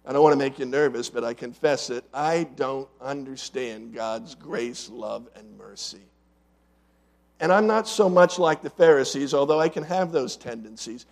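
A pastor with vocal fry in his mid-range voice preaches to his congregation. His sermon mixes rhetorical questions with swings from loud emphasis to quiet asides.

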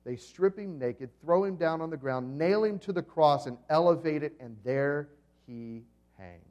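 A pastor preaching a sermon to his congregation, telling the story vividly, swinging between loud and soft, and asking the listeners questions. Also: on the high side, measured pace, highs cut off. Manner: dramatic storytelling with swings in volume.

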